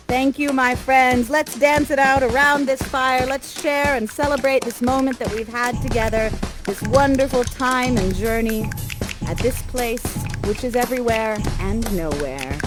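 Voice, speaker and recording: A woman hosting a live interactive theater show, coaxing and directing the audience in a playful, warm way over background music. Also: fairly high pitch, measured pace. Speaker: immersive theater performer and guide. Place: virtual reality theater show.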